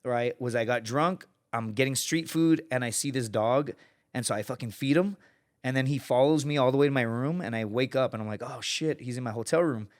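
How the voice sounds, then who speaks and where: A man in his thirties tells a long, loose story as a podcast guest. He swears freely, and his voice sits at an ordinary middle pitch. He slips into little voices for the people in his tale. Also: fairly quick. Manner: profane, lively anecdote-telling, acts out quoted people. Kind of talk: casual storytelling.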